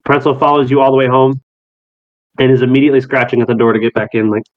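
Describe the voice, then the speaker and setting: A man's voice: mid-range voice, fairly even intonation, quick pace, narrow, tinny audio. Chatty man running a tabletop game. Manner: loose and chatty, full of fillers and laughs. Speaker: game master.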